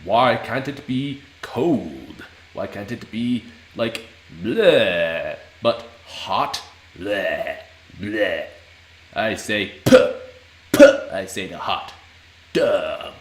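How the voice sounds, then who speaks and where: A man plays a grumpy demon from the underworld who moans in a low, drawn-out voice. He speaks slowly, and the sound bounces around an echoey room. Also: lively intonation. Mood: whiny. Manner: whiny, drawling complaints. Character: grumpy male demon living in hellfire.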